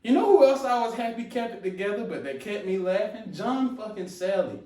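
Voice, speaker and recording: A man performing a stand-up comedy set, loud and laughing through his punchlines. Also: sits high, expressive, brisk. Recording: echoey room, voice from a distance.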